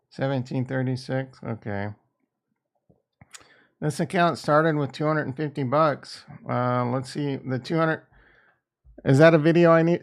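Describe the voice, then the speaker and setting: A man's voice: a little high, clear, resonant tone. A man streaming live, thinking aloud as he trades crypto, with a rambling, casual and profane manner. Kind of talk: casual livestream chat.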